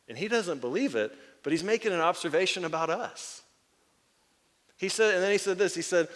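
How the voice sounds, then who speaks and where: A man's voice: sits high, quick pace. A man preaching a sermon, telling stories and acting out the voices of the people in them. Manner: animated storyteller acting out quoted voices, laughing. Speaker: pastor. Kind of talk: sermon with storytelling. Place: church sanctuary. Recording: long hall reverb.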